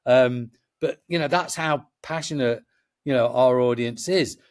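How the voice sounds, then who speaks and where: A middle-aged Englishman of ordinary pitch appears as a guest on a chat show, speaking passionately at a measured pace. A festival promoter, he rambles through casual conversation, restarting his sentences again and again.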